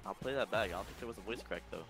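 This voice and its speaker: A young man in casual voice chat on a stream, defensive and quick to protest. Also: fairly low pitch, poor audio. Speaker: stream co-player. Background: game music.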